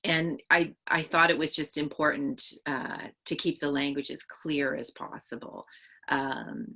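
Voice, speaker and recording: Low, gravelly-voiced woman author. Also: fairly even intonation, unhurried, bright, forceful tone, slight background noise. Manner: thoughtful, explaining at length with many restarts. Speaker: author being interviewed. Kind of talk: interview answers.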